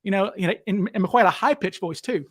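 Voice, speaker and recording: A Southern man with a fairly high voice talks bluntly and combatively as he hosts a live discussion. He is animated and quick to call claims false. The sound is dry and close. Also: no echo. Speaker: host. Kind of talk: heated livestream discussion.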